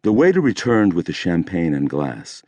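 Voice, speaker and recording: Deep-voiced man narrating a thriller. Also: huge pitch swings, darkish tone, no echo, dull audio. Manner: measured, deliberate storytelling. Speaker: audiobook narrator. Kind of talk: scripted narration of a thriller audiobook.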